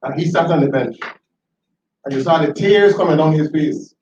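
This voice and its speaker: A man telling animated, laughing anecdotes in a tribute speech. He often repeats himself as he talks. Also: a little high, moderate pace, slight background noise. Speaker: tribute speaker, former school educator. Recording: roomy, distant, dull hall recording.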